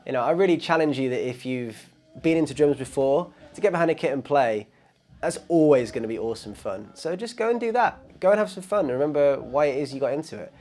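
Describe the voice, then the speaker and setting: A man talks straight to camera in an easygoing, encouraging way, handing out practice advice. His voice sits at an ordinary middle pitch. He leans on "you know" and "like" as he goes. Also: expressive, fast talker, darkish tone. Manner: encouraging, upbeat, lots of "you know" fillers. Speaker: drum channel host.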